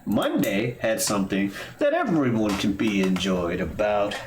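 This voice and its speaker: A man's voice: fairly low pitch, big pitch swings, unhurried, hardly any pauses, noisy background. Jokey swearing podcast guy, echoey room. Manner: jokey, boastful, swears freely. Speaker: podcast co-host. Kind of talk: casual chat.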